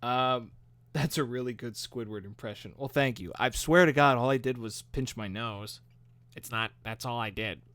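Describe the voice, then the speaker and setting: A man's voice: mid-range voice, normal speed, a bit bright, no room sound. A man hosting a live stream, chatting casually and upbeat as he answers viewer comments into a microphone. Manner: chatty, upbeat and self-deprecating. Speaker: host. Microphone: studio microphone.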